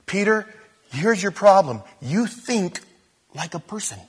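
A man's voice: high-pitched, expressive, measured pace, slightly rough. A man preaching a conversational sermon, telling the story informally with asides and acting out the quotes.

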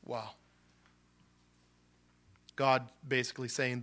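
A man preaching a sermon with a bright, forward voice. He keeps it animated and uses casual slang as he teaches. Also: medium pitch, a little slow, pauses often. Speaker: pastor.

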